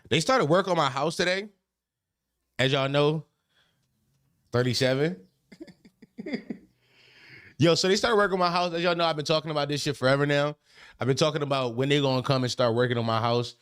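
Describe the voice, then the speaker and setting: Man, podcast host, casual storytelling, animated, profane, repeats phrases, mid-pitched voice. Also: clear, resonant tone.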